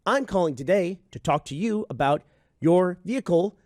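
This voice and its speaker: A prim female phone telemarketer who might be a machine, as a man imitates her, raised a few steps above his speaking pitch. She reads a sales script slowly and politely, with odd stiff little pauses. The voice is dry and close, with no room around it. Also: expressive, darkish tone, no echo. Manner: slow, oddly paused phone-script delivery.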